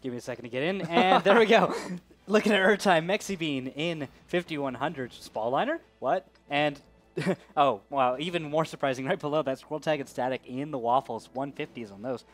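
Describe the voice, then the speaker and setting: A man's voice: a little high, normal speed, soft background music. A man doing color commentary on an esports match, goofy and jokey, with dry asides. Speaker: esports co-caster.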